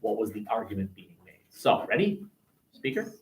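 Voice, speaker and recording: This American history teacher has a lowish voice with big swings in pitch and a moderate pace. Recorded on a webcam, he leads a classroom discussion that wanders and keeps restarting in a conversational way.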